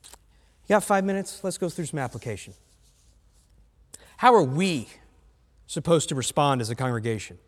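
Blunt high-voiced man preaching in a reverberant hall. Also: expressive, normal speed, pauses often. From United States. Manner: blunt, conversational preaching with asides to the congregation. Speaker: pastor. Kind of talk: sermon. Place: church sanctuary.

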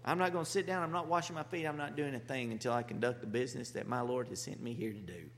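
A man's voice: mid-range voice, fast, a little hiss or hum, pitched below the performer's own voice, natural voice. A man voicing a determined, loyal male servant who speaks bluntly and insistently. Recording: long hall reverb.

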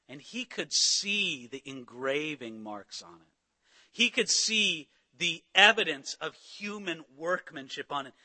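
A man preaching a sermon as a pastor, animated, acting out the voices of biblical figures. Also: on the high side, in a large hall.

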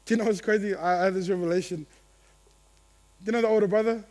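A pastor with a fairly high voice delivers a quick, animated sermon to his church. He alternates between loud, excited bursts and low, quiet stretches, voices the people in his story, and laughs at his own jokes.

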